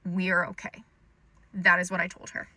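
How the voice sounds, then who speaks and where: A woman's voice: lowish voice, completely flat delivery, normal speed, bright, forceful tone, no echo. A young adult woman telling a personal story in a casual storytime monologue, chatty and full of "um" and "like". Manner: chatty, lots of "um" and "like". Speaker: storytime creator.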